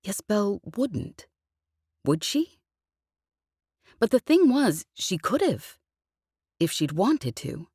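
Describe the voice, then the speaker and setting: A woman narrating a science fiction audiobook with an even, expressive reading. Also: mid-range voice, takes it slowly, long pauses, slightly rough, no echo, clean studio sound. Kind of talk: scripted narration.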